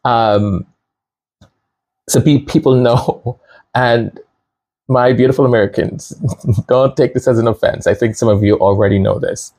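A man's voice: medium pitch, fairly even intonation, unhurried, long pauses, a little mellow. A middle-aged man from Canada talking casually to his viewers, chatty and rambling, often laughing and restarting his sentences. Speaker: channel host. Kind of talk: casual commentary monologue.

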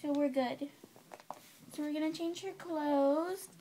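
A woman filming herself on her phone, softly hushing and soothing a baby while chatting casually to her viewers. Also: sits high, slow pace, slight background noise. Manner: soothing, hushing, often soft and whispery. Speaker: vlogger caring for a baby. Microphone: handheld phone.

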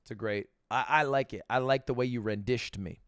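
A man's voice: mid-range voice, a little fast, fairly bright tone, clean tone, no echo, studio quality. A man in his twenties giving casual, rambling reaction commentary, laughing and packing his talk with fillers. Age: 20s. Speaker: streamer reacting to a video.

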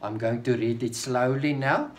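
A male preacher with an Afrikaans accent, teaching a sermon slowly and emphatically, repeating phrases word by word while pointing to a board. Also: mid-range voice, steady tone, a little hiss or hum.

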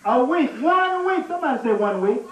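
High-voiced preacher in an echoey church. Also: male voice, fairly quick, crowd noise. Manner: animated, laughing through a comic story. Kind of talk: storytelling sermon. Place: church sanctuary. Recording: echoey church room, mic at a distance.

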